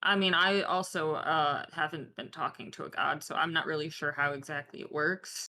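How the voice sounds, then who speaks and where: A woman's voice: deep voice, steady tone, moderate pace, bright, forceful tone. A woman speaking in character during a tabletop game, dry and casual. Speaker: player voicing her character. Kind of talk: in-character tabletop role-play.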